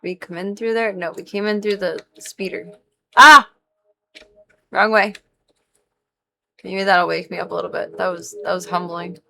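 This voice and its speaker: A young woman chats on her casual gaming livestream in a lowish, gravelly voice with little pitch movement, talking a little fast with few pauses. Sleepy, yawning, and stuffy-nosed, she rambles along, full of "like" fillers.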